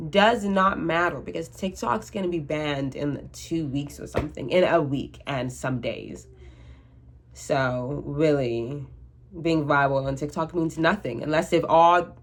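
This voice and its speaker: A woman in her twenties talking to camera in a rambling, anxious casual monologue, with frank swearing and many restarts. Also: low-pitched. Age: 20s. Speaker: vlogger.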